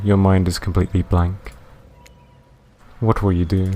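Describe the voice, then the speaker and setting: A man streaming a game live, reading its narration in a deadpan way and chatting with viewers. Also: deep voice, moderate pace, pauses often, faint music behind.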